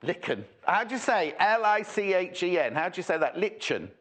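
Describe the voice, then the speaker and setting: A man's voice: high-pitched, lively intonation, fairly quick, fairly bright tone. A man presenting a TV shopping show in a chatty, rambling, jokey way, full of asides. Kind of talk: chatty live sales presentation.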